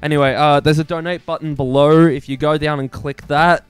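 A man's voice: on the high side, fairly even intonation, fairly quick, clean tone, no echo, faint music behind. Swearing, joking Australian gaming vlogger man. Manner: rambling, self-mocking, profane, jokey. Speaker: gaming YouTuber. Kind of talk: casual gameplay commentary.

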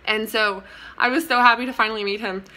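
A young woman telling a story to camera in a casual vlog, gushing and excitable, with lots of "like" and "oh my god". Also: a little high, fast. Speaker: vlogger.

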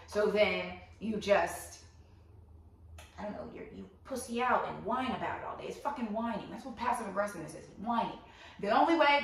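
A woman's voice: mid-range voice, fairly bright tone. A woman hosting a casual advice talk, blunt, outspoken and profane. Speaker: host giving life advice. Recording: very echoey room, voice far from mic.

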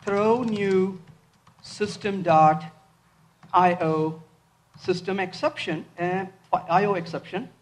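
A man's voice: sits high, slow pace, long pauses. Man lecturing in an echoey hall. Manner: lively, quizzes the audience with rhetorical questions. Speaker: conference speaker. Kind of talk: live technical talk with live coding. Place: large conference hall.

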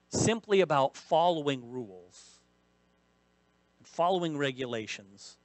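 A man's voice: a little high, no echo. A man preaching a sermon as pastor, bursting into emphasis and repeating key phrases. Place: church sanctuary.

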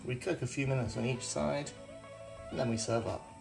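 A man's voice: mid-range voice, moderate pace, gravelly, over music. A man chatting casually and cheerfully through a cooking vlog, poking fun at himself. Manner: chatty, upbeat, self-deprecating. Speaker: vlogger.

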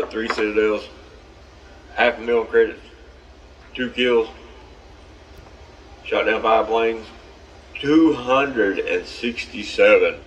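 A man giving excitable, profane, trash-talking commentary over his own gameplay. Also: lowish voice, recorded from a distance, highs cut off, a little hiss or hum.

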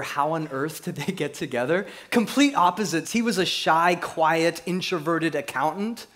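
A man preaching a sermon, telling stories and swinging between hushed reflection and lively, laughing delivery. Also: a little high. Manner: laughs at his own stories. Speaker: pastor.

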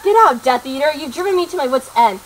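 A woman's voice: sits high, expressive, brisk, a bit bright, slight background noise, low-quality recording. A woman playing a desperate, pleading young witch searching for her love. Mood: distraught. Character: young witch, distraught lover.

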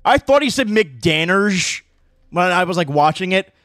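A man's voice: sits high, expressive, a little slow, fairly bright tone, no echo, clean studio sound. A man streaming a game, chatting casually with a rambling, joking manner and frequent stammered restarts.

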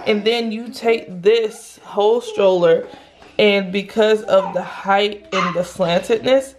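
A woman's voice: mid-range voice, noisy background. A young woman vlogging casually as a mom, chatting and explaining hands-on as she demonstrates a stroller at home. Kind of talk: casual demo vlog.

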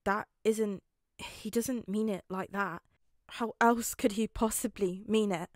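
Gentle, hesitant teenage boy soothing a friend, read by a woman narrator in a fanfic audiobook; dry, close recording. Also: mid-range voice, fairly even intonation, takes it slowly, no room sound, close to an everyday voice. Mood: earnest. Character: quiet, guarded teenage boy comforting a friend.

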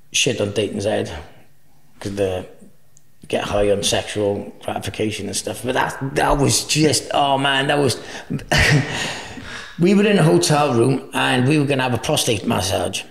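In an echoey room, a podcast guest in his forties takes his time, speaking unhurriedly in a creaky medium-pitched voice. The casual interview is full of his wandering stories, liberal swearing, and frequent laughter.

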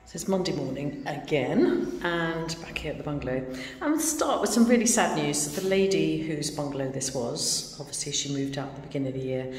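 A woman's voice: low voice, expressive, brisk, darkish tone. Chatty woman in an echoey empty house. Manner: chatty, wry, self-deprecating. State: a little tired. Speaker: vlogger renovating a bungalow. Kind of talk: casual home renovation vlog. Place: empty bungalow under renovation, indoors. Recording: echoey bare rooms with hall reverb and background noise.

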